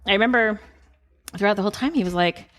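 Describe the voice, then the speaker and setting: A woman's voice: mid-range voice, fast, fairly bright tone. A woman telling a casual story as a podcast guest, chatty and full of "like" fillers, laughing often. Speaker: podcast guest, horse farm owner. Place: farm porch.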